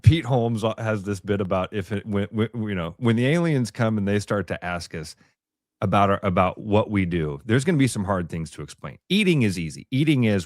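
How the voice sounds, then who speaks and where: A man's voice: fairly low pitch, expressive, fairly quick, no echo, clean studio sound. A man co-hosting a morning radio show, chatting casually and telling rambling, self-deprecating stories.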